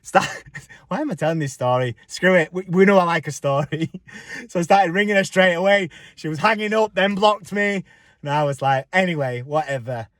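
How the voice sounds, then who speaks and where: Blunt, high-voiced man ranting. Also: moderate pace, a bit bright, dry recording, studio quality. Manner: blunt, profane, defiant. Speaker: spiritual vlogger. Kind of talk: casual ranting monologue.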